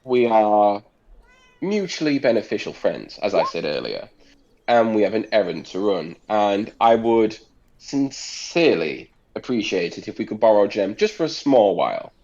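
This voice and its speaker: A man plays a smooth-talking rogue in a tabletop game, flattering and excessively courteous. His lowish voice rises and falls expressively. The recording sounds a little dull and lo-fi. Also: moderate pace. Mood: persuasive. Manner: overly polite, flattering.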